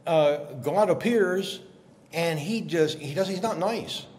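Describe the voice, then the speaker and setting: A man, a guest journalist, explaining scripture in a lively conversational way, acting out quotes as he tells the story. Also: on the high side, takes it slowly. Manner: animated storyteller, acts out quotes. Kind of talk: conversational Bible teaching.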